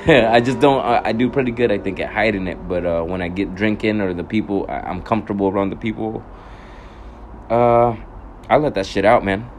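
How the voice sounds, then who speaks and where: A man's voice: on the low side, fairly even intonation, fairly quick, a little hiss or hum. A young man telling a casual, rambling story to his viewers, swearing often, correcting himself and laughing at his own anger.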